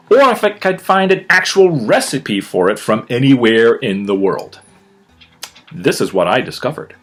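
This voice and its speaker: A man, a children's author, reading his own picture book aloud to young listeners, stretching words for emphasis and stopping to explain words in a chatty way. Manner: animated storyteller with big pitch swings and drawn-out emphasis.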